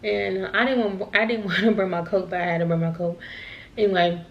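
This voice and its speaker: A woman's voice: mid-range voice, flat delivery, brisk, dull audio. A young woman vlogger telling a casual storytime, rambling and repeating herself, laughing at herself now and then.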